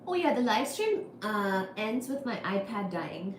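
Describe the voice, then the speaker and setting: A woman's voice: mid-range voice, very animated. A woman hosting a casual livestream, reading chat comments in a playful, laughing way. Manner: playful, laughs often, soft and drawn-out. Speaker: livestream host. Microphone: iPad. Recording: roomy echo with faint background noise.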